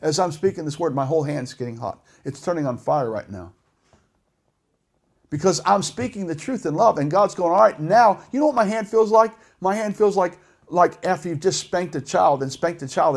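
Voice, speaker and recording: High-pitched preacher guy, fiery sermon, goes quiet then loud. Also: creaky. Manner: impassioned preaching, swinging between hushed and shouted.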